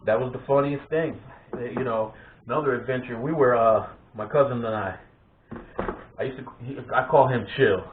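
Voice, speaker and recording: A man hosting a vlog, casually telling family stories in an animated way, often laughing and restarting his sentences. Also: mid-range voice, normal speed, a little hiss or hum. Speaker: vlog host. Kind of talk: casual storytelling of family memories. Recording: tinny phone-like sound in an echoey room.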